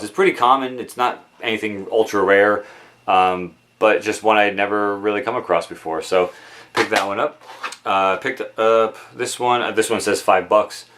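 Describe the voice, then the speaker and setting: Relaxed low-voiced man rambling with fillers. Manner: relaxed, rambling, full of ums and uhs. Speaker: video game collector vlogger. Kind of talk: casual show-and-tell of game purchases. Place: his game room at home. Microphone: camera mic.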